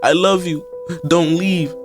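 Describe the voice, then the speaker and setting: A woman's voice: lowish voice, fairly even intonation, slow pace, soft background music, voice pushed up. A man mimicking a pleading young girlfriend. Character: clingy young girlfriend in a horror film.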